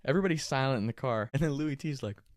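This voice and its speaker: A young man casually telling a funny, profane story, animated and laughing often. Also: medium pitch, very fast, no room sound, studio quality.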